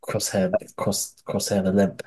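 Podcast co-host, male, low and husky, loose rambling delivery with plenty of swearing. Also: little pitch movement, unhurried, a little mellow. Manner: rambling, many restarts, swears, laughs. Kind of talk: casual chat about a TV series.

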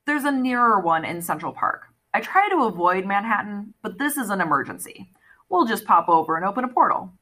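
A woman's voice: mid-range voice, sing-song, a little fast, bright, forceful tone. A woman reading an audiobook, voicing a sly, playful cat goddess in human form with a cool, purring, teasing manner. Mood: cool, brisk. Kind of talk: audiobook character voice.

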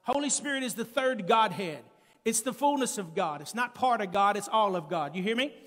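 Man, preacher, high voice, emphatic sermon, shouted peaks, congregation call-outs, long reverb. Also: expressive, fairly quick. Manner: calls to the congregation. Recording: long church-hall reverb.

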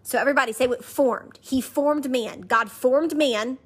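High-voiced woman preaching with emphatic repetition. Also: normal speed, slightly rough. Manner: emphatic, repeats phrases rhythmically; conversational, leads listeners to say lines back. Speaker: podcast host. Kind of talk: faith podcast teaching.

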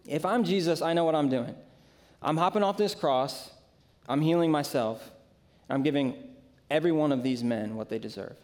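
Emphatic, slightly high-voiced male preacher. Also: animated, darkish tone. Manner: dramatic, emphatic preaching with slow, deliberate phrases; retells scripture vividly and shares personal stories. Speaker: pastor. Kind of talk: sermon.

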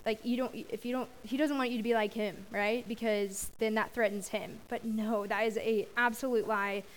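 A woman's voice: fairly high pitch, fairly even intonation, moderate pace, a little hiss or hum, rough recording. A young woman giving a youth sermon, praying and reading scripture in a casual, chatty way that laughs off her own slips. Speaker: youth speaker.

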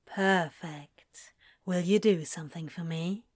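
A woman voicing a flirtatious man who teases in a low, slow drawl on the phone. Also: no room sound, clean studio sound. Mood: teasing. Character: flirtatious male seducer on the phone.

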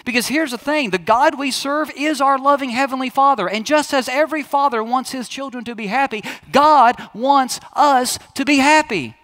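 A man's voice: very high-pitched, moderate pace, hardly any pauses, a bit bright. A man in his thirties, a pastor preaching a sermon in a chatty, storytelling way that speaks straight to the congregation.

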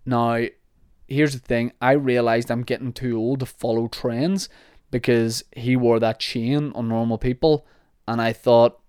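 A man's voice: medium pitch, a little mellow, no echo. Chatty Northern Irish man, dry podcast sound. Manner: chatty, sarcastic, rambling with self-mocking asides. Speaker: podcast host. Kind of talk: casual podcast chat answering listener questions.

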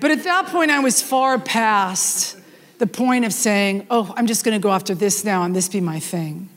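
A middle-aged woman preaching a sermon in an animated storytelling manner, with frequent restarts and asides. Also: mid-range voice, moderate pace. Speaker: worship leader preaching. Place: church hall. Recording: long hall reverb.

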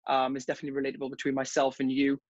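A man's voice: mid-range voice, completely flat delivery, racing, no echo. A young man, a guest on a casual podcast over a video call, laid-back and rambling, often calling his host "mate". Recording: slightly dull video call audio.

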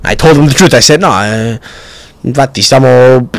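A young man hosting a podcast, telling stories in a profane, rambling, animated way. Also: medium pitch, moderate pace, creaky, no echo, rough recording. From Canada. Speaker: podcast host. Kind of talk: casual storytelling rant.

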